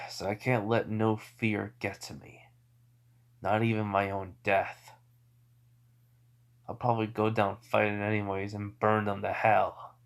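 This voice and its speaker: A man voicing a calm, fearless teenage boy demon slayer in a casual fan storytelling, with a flat, offhand delivery close to his own voice. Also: on the low side, measured pace, long pauses. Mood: determined.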